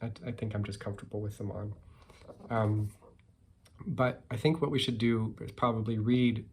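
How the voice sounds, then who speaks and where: Relaxed man reading his picture book. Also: on the low side, normal speed, a little hiss or hum. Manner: relaxed, self-deprecating, with fillers. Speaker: picture book author and illustrator. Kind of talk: reading aloud and talking about his book.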